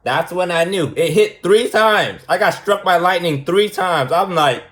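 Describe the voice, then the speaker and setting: A man's voice: sits high, expressive, a little slow, a bit bright. A man talking as a preschool teacher in a rambling, mocking monologue, repeating his points for emphasis. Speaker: preschool teacher giving a lesson.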